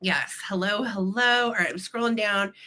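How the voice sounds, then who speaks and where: A woman's voice: mid-range voice, moderate pace, sharp tone, a little hiss or hum. A woman with a cold hosting a live sale stream, chatting casually and greeting viewers with playful nicknames. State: has a cold.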